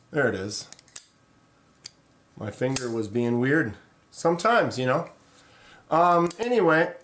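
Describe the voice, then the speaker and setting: A man talks loosely and at length on a home live stream, drifting from point to point and greeting viewers by name as he goes. His voice sits a little high for a man, and his delivery stays easygoing and unscripted. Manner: relaxed, rambling, reads chat aloud. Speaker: knife channel host. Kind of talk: casual live stream chat.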